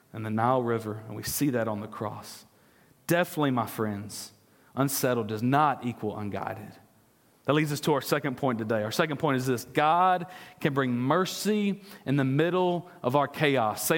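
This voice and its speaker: A man's voice: medium pitch, long reverb tail. A man preaching a sermon as pastor, earnestly asking his congregation questions and sometimes stumbling over repeated words. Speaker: discipleship pastor. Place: church sanctuary.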